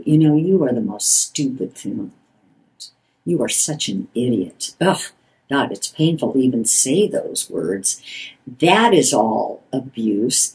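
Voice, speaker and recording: Slow low-voiced older woman explaining. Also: dark tone, low-quality recording. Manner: measured, acts out quoted lines. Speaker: couples therapist. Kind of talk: explanatory talk.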